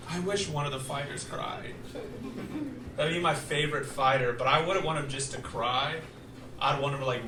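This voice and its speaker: A man performing a stand-up comedy set, animated, with loud acted outbursts. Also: medium pitch. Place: comedy stage in a poker room. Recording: roomy live club sound from far off. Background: audience laughter.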